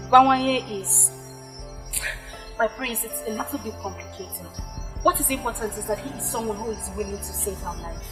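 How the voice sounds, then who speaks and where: A woman's voice: fairly high pitch, normal speed, over music, lightly acted. A woman playing a desperate young woman who urgently pleads with a prince in a Nollywood film. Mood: pleading.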